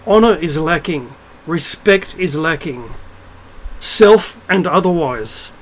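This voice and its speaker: Slowly and with lively intonation, a middle-aged man whose voice runs on the high side rants to camera in a casual, blunt, scornful way, swearing freely. He's a spiritual vlogger, heard through poor audio.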